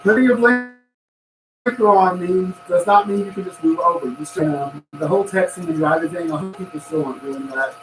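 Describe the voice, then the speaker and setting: A man hosting a casual podcast chat, rambling and complaining with animated energy. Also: a little high, fairly quick, music in the background. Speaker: podcast host. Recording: echoey room, far from mic, noisy.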